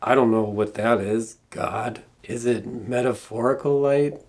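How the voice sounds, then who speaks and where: A man's voice: mid-range voice, measured pace, a little mellow. A man recapping a horror film scene by scene in a dry, sarcastic comedic review. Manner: dry, sarcastic plot retelling. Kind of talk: comedic movie recap narration.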